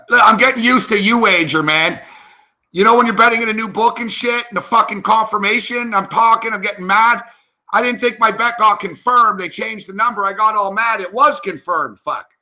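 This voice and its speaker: A man's voice: high-pitched, normal speed, pushed and bright. A man hosting a sports betting show, talking to himself with profanity and rambling agitation as he places live bets. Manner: talks to himself while placing bets.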